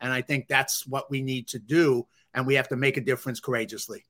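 A man with a deep Bronx New York accent, a guest on an interview show, talking in an earnest, upbeat way with frequent fillers. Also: little pitch movement, fairly quick, a bit bright. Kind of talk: conversational interview.

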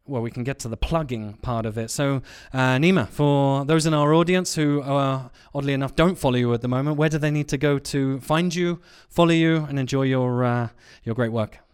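A man's voice: mid-range voice, normal speed, few pauses, clear, resonant tone. A middle-aged man co-hosting a podcast, talking in a jokey, playful, chatty way. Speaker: podcast co-host. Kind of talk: casual chat.

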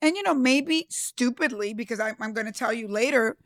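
A woman's voice: a little high, fairly quick, no echo, clean studio sound. A woman telling her own business story in an earnest, emphatic, conversational way. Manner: emphatic, earnest, conversational with quoted inner thoughts. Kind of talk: personal storytelling talk.

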